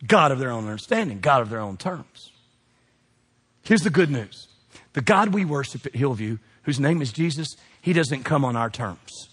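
A man's voice: medium pitch, lively intonation, normal speed, a bit bright, slightly rough. A man preaching a sermon as pastor, emphatic and calling out to his congregation. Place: church sanctuary. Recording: long reverb of a large hall.

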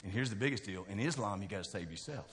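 A man preaching a sermon, talking with the crowd in a chatty way, asking questions, going from quiet to loud. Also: lowish voice, animated, fast, husky. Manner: conversational preaching, asks the crowd questions, swings from soft to shouting. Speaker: pastor. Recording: long hall reverb.

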